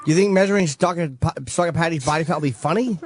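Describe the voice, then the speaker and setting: A man's voice: a little high, fast talker, a little hiss or hum. A man co-hosting a radio talk show, full of sarcastic jokes and wisecracks. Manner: sarcastic, joking. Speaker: radio co-host. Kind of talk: casual radio banter.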